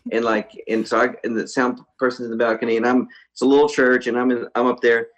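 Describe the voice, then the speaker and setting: Guy telling a funny story, acts out the voices, middle pitch. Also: quick pace, dull audio. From Texas. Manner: animated storyteller, acts out voices of people in his stories. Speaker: guest musician. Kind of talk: casual storytelling.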